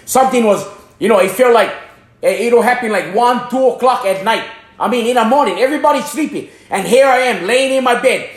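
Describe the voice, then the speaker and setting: A man's voice: extremely high pitch, roomy sound. A man from Hawaii giving a passionate religious testimony as a preacher. He repeats phrases and stumbles over his words. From Hana, Maui, Hawaii.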